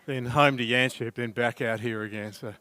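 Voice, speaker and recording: A man's voice: medium pitch, steady tone, moderate pace, pushed and bright, clean tone. A middle-aged man preaching a sermon in a church, telling a funny family story in a chatty, self-deprecating way. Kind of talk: sermon with humorous anecdote.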